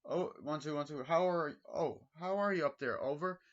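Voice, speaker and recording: A man voicing a chirpy, nervous young housewife in a raised, halting voice, on a dull lo-fi recording. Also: on the high side, pitched above the performer's own voice, lightly acted.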